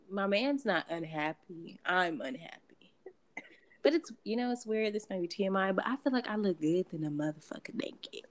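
A woman co-hosts a podcast, chatting casually, laughing a lot and swearing freely. Her voice is mid-range, with lively intonation and a moderate pace.

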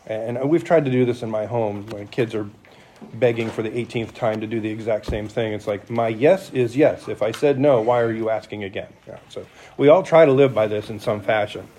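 A man's voice: medium pitch, warm tone, a little hiss or hum. A middle-aged man, a church elder, preaching a sermon in an explanatory, conversational way with restarts and asides.

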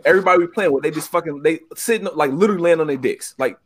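A man's voice: a little high, expressive, very fast, hardly any pauses, breathy edge. A man telling a casual paintball story in a profane, emphatic way. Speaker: paintball team leader.

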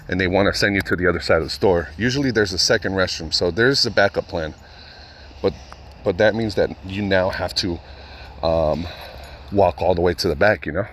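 A man's voice: low voice, a bit bright, slight background noise. A man vlogging casually while out shopping, talking into a phone held to his ear, rambling and swearing freely as he tells a story. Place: inside a large store.

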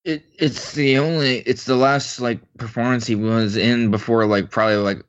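A man's voice: medium pitch, fairly even intonation, normal speed. A man co-hosting a casual film podcast, hesitant and filling his sentences with "like". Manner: hesitant, fills with "like". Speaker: podcast co-host. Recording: dull lo-fi mic.

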